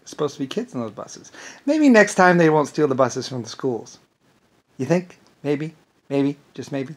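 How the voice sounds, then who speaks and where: A man's voice: a little high, very animated, normal speed, breathy edge. Indignant man ranting, swearing. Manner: profane, indignant, repeats words when stumbling. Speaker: vlogger. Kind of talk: angry rambling monologue.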